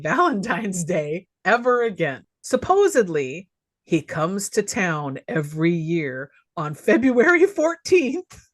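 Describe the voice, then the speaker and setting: A woman co-hosting a podcast, recapping a film in casual chat and laughing often as she goes. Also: medium pitch. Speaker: podcast co-host.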